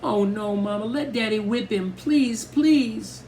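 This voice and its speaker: A woman's voice: a little high, slow, dark tone, slight background noise, pitched above the performer's own voice. A man reading aloud voices a frightened little girl who sobs and begs tearfully. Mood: sobbing. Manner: sobbing, begging.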